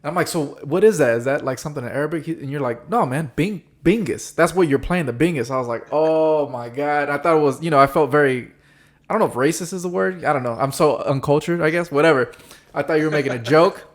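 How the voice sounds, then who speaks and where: A man's voice: a little high, fast. A man hosting a casual podcast chat, telling stories animatedly and acting out quoted voices. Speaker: podcast host. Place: San Diego.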